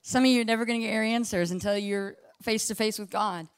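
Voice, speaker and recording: A woman preaching a conversational sermon, impassioned and casual, full of asides, swinging between hushed and loud. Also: mid-range voice, fairly even intonation, quick pace, clear, resonant tone.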